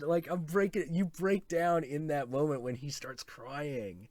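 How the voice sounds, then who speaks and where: A man hosting a casual stream chat, excitable and swearing a lot, acting out quotes as he talks. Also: on the high side, unhurried, no echo. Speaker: host.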